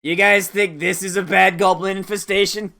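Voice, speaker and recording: Casual anime reaction vlogger, profane, sarcastic, quick to laugh. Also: medium pitch, little pitch movement, gravelly, sharp tone.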